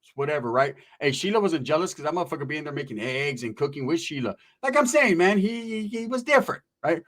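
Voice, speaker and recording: A young man telling a rambling, profane comic story in a casual, animated way. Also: fairly high pitch, quick pace. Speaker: comedic storyteller.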